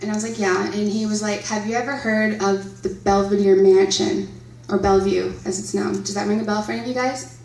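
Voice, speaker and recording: A woman's voice: medium pitch, steady tone, brisk, darkish tone. A woman in her thirties, telling a story live to a convention audience, chatty, laughing often and asking the crowd questions. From Canada. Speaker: panel speaker at a horror convention. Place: convention centre hall. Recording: roomy, distant live hall audio.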